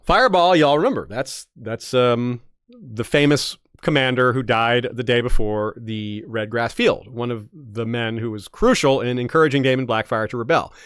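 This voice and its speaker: A man's voice: mid-range voice, clear, resonant tone, dry recording, studio quality. A man hosting a history podcast, telling the story in a casual, joking way with frequent restarts. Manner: joking, animated, restarts often.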